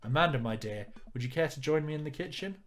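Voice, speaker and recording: A man's voice: fairly high pitch, animated, fast, fairly bright tone, faint music behind. A man reading a visual novel aloud and commenting on it with dry jokes. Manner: wry, joking asides. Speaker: let's player.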